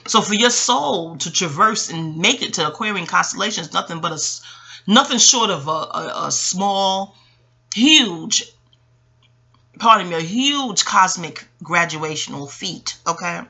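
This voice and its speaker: Woman astrologer, husky bright voice, rambling, profane, playful casual talk. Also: fairly low pitch, animated, normal speed. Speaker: astrology video host. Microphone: audio-only home recording.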